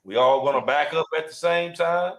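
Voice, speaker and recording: Laid-back biker dude co-hosting, keeps saying you know what i mean. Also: male voice, a little high, normal speed. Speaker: podcast co-host, motorcycle club member. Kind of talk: casual podcast chat.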